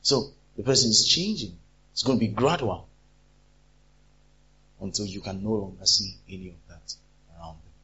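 A man's voice: on the low side, moderate pace, pauses often, breathy edge. A man preaching a sermon, acting out quarrels as he talks. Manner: animated, acts out quarrels in different voices. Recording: dull lo-fi recording.

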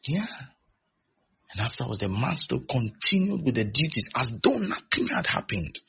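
A man preaching a sermon who acts out the voices of the people in his stories and swings between loud and soft delivery. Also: medium pitch, sing-song, normal speed, creaky, slightly rough. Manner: acts out quoted voices, shifting loudness. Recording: dull lo-fi recording.

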